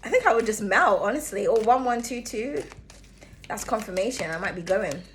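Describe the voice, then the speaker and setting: A woman's voice: medium pitch, expressive, normal speed, a little hiss or hum. A woman giving a casual tarot reading, chatty and rambling, swearing freely and humming as she thinks. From outside the United States. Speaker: tarot reader.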